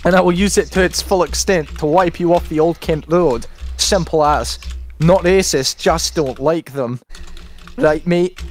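Faint music plays behind a British man hosting a livestream, his voice a little high and a little slow. He reads out a comic rant and the chat casually, laughing frequently.

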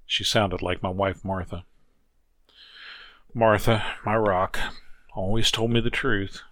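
A man narrating a first-person story as an audiobook reader, measured and reflective. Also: on the low side, fairly even intonation, fairly bright tone, no room sound.

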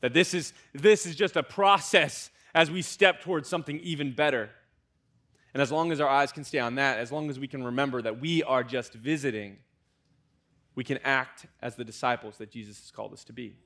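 A young American man, a student pastor, preaching a conversational sermon with lively asides to the congregation. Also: medium pitch, a little fast. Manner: conversational, animated preaching with fillers and audience asides.

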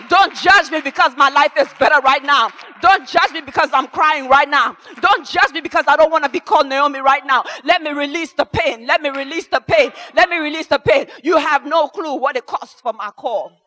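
A woman preaching a sermon with passion, swinging from hushed tones to shouting and repeating phrases for emphasis. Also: high-pitched, moderate pace, hardly any pauses, low-quality recording.

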